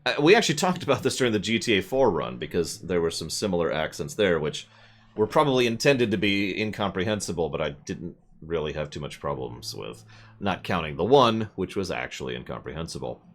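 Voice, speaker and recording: A man streaming a video game, rambling and joking as he plays, often jumping into high mock voices. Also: very animated, fairly quick. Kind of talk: casual gameplay commentary.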